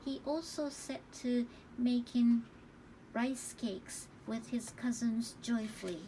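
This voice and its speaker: Slow, mellow woman reading a novel. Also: on the high side, slight background noise, low-quality recording. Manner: calm, careful storytelling. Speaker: audiobook reader. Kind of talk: scripted narration of a novel.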